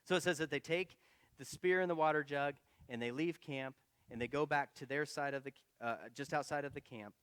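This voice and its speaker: A male pastor tells the story casually and playfully, with a slightly high voice. The sound is close and dry. He keeps the telling lively and conversational. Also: fairly quick, clean tone, no echo, long reverb tail.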